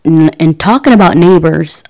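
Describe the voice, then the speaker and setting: A woman in her thirties with a low voice hosts her own podcast episode. She tells a personal story in a loose, chatty way, full of fillers and restarts. She acts out what people said along the way. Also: moderate pace, dark tone. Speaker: podcast host. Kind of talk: casual storytelling.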